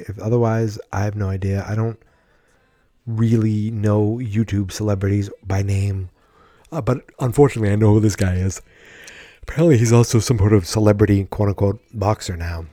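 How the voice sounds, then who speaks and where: A man's voice: fairly low pitch, warm tone, no echo. A man giving a rambling, frank solo commentary on wrestling, swearing freely and thinking aloud. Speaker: wrestling podcaster.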